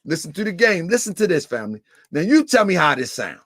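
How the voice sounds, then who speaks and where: Man w/ aave roasting people on a livestream, high and bouncy voice, raspy. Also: sing-song, fast talker, dry recording. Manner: loud, laughing, teasing, repeats himself. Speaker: livestream host. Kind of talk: live stream commentary.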